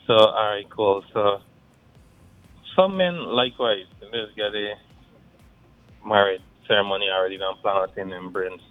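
A man's voice: lowish voice, unhurried, pauses often. A man calling in with a Guyanese accent, talking bluntly and rambling in creole-tinged phrasing. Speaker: caller. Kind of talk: casual call-in chat. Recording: tinny phone line.

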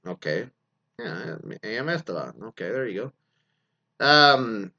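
Rambling man with lively pitch. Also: unhurried, long pauses, muffled recording. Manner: rambling, laughing, many fillers and restarts. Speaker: host reading listener stories. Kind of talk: casual comedic commentary.

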